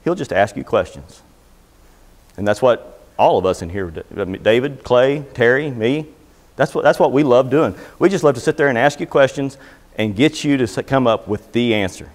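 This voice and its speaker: A man's voice: medium pitch, normal speed, big-room sound. Folksy middle-aged man giving a seminar. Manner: folksy, joking, conversational storyteller. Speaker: seminar speaker. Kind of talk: motivational seminar talk. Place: seminar room before a live audience.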